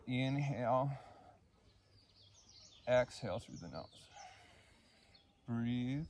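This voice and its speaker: A man leading a yoga class, cueing poses and breaths in a calm, unhurried way and counting the holds. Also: medium pitch, a little hiss or hum. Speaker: yoga instructor. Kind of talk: guided yoga class instruction.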